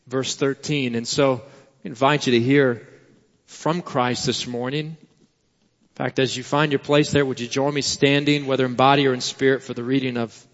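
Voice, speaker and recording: A male pastor delivering a sermon in an earnest, emphatic way, repeating key phrases and pausing for effect. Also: medium pitch, a bit bright, in a large hall, muffled recording. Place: church sanctuary.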